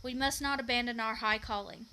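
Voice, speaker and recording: A woman's voice: fairly high pitch, steady tone, brisk, sharp tone, slight background noise, low-quality recording. A woman reading the lines of a fierce, proud male bandit in a storybook, with stumbles and repeated words. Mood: stern.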